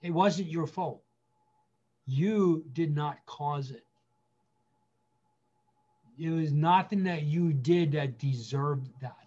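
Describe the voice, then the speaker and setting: A man speaking as a guest pastor, giving earnest counsel with emphatic repetition, slowing down to stress key phrases. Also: a little high, warm tone, dull audio.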